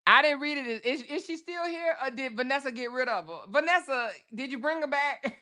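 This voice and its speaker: A woman hosts a casual livestream, with a voice that sits a little high for a woman. She reads out viewer comments, laughs often, and talks loud and profane, calling her viewers baby. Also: brisk. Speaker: livestream host.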